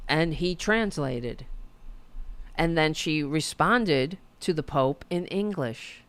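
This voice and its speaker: A woman's voice: fairly low pitch, smooth, no echo. A woman hosting a podcast, giving casual political commentary in a sarcastic, mocking way and swearing freely. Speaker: podcast host.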